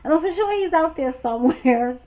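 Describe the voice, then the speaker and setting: A young woman from Brooklyn with a New York accent, telling a storytime in a blunt, sassy, animated way. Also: sits high, a little fast. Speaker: storytime vlogger. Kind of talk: casual storytime chat. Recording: dull lo-fi sound, faint noise.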